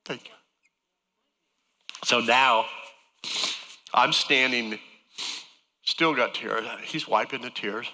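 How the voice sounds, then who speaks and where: A man's voice: medium pitch, slow pace, pauses often, pushed and bright, in a large hall. A man giving an emotional church testimony, storytelling with wry joking asides. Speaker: guest speaker sharing a testimony. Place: church sanctuary.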